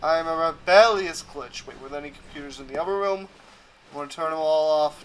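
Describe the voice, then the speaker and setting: A man's voice: on the high side, fairly quick, fairly bright tone, slight background noise. A man streaming a game, commenting casually in a sarcastic, playfully exasperated way.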